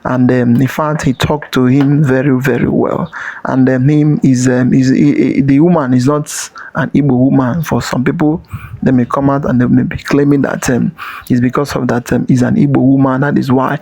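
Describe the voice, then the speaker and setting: A man comments as a channel host in a gravelly, flat voice that hardly moves in pitch. He talks in short, halting fragments and keeps restarting his sentences. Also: no echo, rough recording. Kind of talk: casual commentary.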